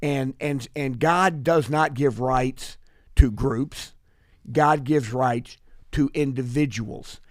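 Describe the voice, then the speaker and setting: A man's voice: medium pitch, slow pace, no echo, studio quality. An American man hosting a political talk radio show, speaking earnestly and often restarting his sentences. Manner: earnest, many restarts and repeated words.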